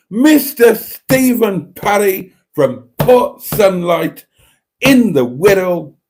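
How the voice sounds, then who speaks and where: A man's voice: fairly high pitch, darkish tone. A middle-aged man hosting a casual livestream, reading viewer comments aloud in a raised voice and answering with mock denials and chatty asides.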